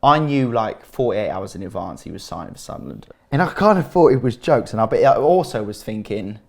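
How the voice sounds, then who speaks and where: Man, low-pitched, chatty storyteller, laughs as he talks. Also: sing-song, brisk, vocal fry. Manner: chatty, laughs while telling stories. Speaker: celebrity guest. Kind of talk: casual chat.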